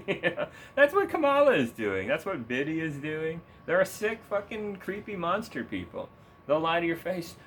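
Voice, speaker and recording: A man's voice: mid-range voice, very animated, moderate pace, fairly bright tone, slight background noise. Sarcastic, swearing young guy ranting. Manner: sarcastic, profane, rambling, laughs often. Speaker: gaming streamer. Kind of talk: casual political rant while gaming.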